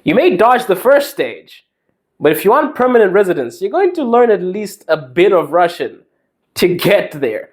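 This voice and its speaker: Male podcast host, slightly high, very animated pitch, emphatic and preachy. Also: moderate pace. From Zimbabwe. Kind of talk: advice monologue.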